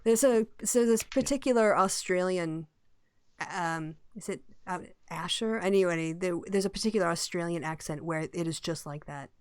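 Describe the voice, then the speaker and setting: A woman's voice: fairly low pitch, moderate pace, darkish tone, clean tone, no echo, clean studio sound. A woman hosting a podcast in casual chat, blunt and sweary, laughing easily. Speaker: podcast host.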